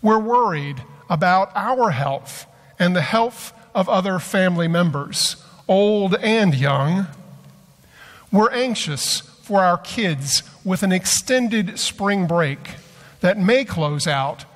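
A high-voiced man delivers a sermon at an unhurried pace, telling a story slowly and deliberately. His voice carries a long church-hall reverb. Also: animated. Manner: slow, measured storytelling delivery. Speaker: pastor. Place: church sanctuary.

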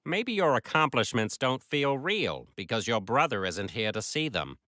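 A man's voice: mid-range voice, big pitch swings, moderate pace, pushed and bright, no echo, clean studio sound. A man voicing a pompous, tweedy therapist in a cartoon with a musing manner.

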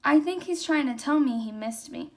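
A woman's voice: sits high, expressive, moderate pace, darkish tone. A young woman voicing a sensible young girl who protests insistently, in a storybook read-aloud.

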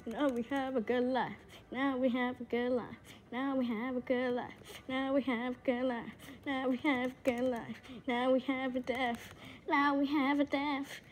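A woman's voice: high voice, flat delivery, unhurried, slight background noise. A woman voicing a silly, childish talking axolotl that giggles and repeats words over and over in a playful comedy skit. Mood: giddy.

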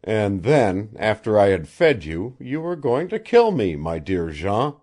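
A cocky young engineer, daring and mocking, as a male reader puts him on. His lines come out raised and lively, swinging widely in pitch, decisive and loud. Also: a little slow.

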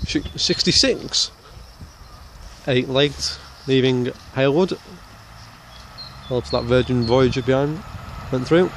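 A man's voice: mid-range voice, takes it slowly, long pauses, noisy background. A man filming trains outdoors, giving casual running commentary, reeling off train numbers and station lists with jokey asides. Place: outdoors beside a railway line.

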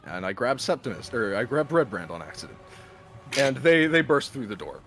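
A man narrating a tabletop game as game master, lively and animated, jumping into loud high voices for the townsfolk. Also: moderate pace, faint music behind.

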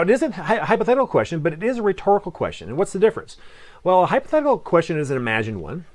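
A man preaching a sermon in a conversational way, asking rhetorical questions and reading scripture aloud slowly. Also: on the high side. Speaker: pastor.

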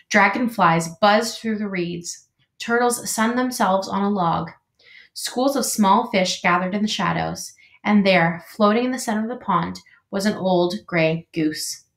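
A woman teacher reading a children's novel aloud in an expressive, animated way. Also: mid-range voice. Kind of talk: storybook read-aloud. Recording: roomy echo.

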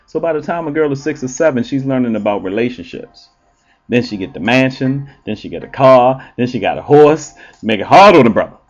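A man who works as an entertainer and relationship show host, talking in a blunt, profane, animated monologue with frequent ums. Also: medium pitch, brisk, highs cut off, soft background music. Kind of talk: casual monologue.

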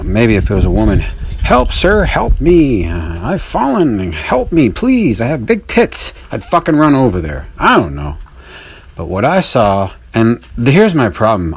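A man's voice: on the low side, breathy edge. A man hosting his own radio show, telling a story in a rambling, profane, self-mocking monologue.

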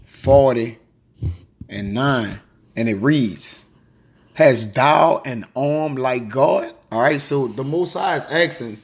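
A man teaching a quick, informal scripture lesson, reading verses aloud and peppering his talk with "man" and "all right". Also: mid-range voice, slightly rough. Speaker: Bible teacher.

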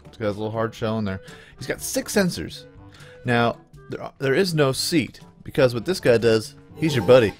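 A man casually commenting on his own gameplay video in a playful, goofy way, often chuckling. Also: mid-range voice. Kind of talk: casual let's play commentary.

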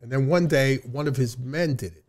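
A man's voice: mid-range voice, moderate pace, a little mellow. An older man, a father telling family stories in a casual podcast chat and acting out the quotes. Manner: storytelling, acts out quotes. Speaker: father and guest.

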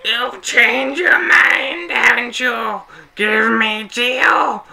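A man voicing a greedy male bug merchant in a video game, with shrill, wheedling cries. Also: extremely slow, gravelly, bright, forceful tone, shouting, exaggerated voice. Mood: greedy, whining.

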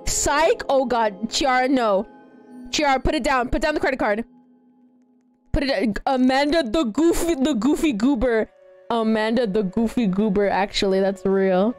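A young woman streamer in her late teens, high-pitched and girlish enough to pass for a child. She chatters in a bubbly, giggly rush, reacting to her chat and thanking donors. Faint game music plays underneath. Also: measured pace. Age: young adult. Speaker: live streamer. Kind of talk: casual livestream gaming chatter.

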